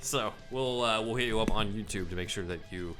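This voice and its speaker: A man co-hosting a podcast in casual chat, explaining things and agreeing with quick affirmations. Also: lowish voice, fairly bright tone, soft background music. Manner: affirming and informative, quick "mm-hmm"s. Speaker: podcast co-host.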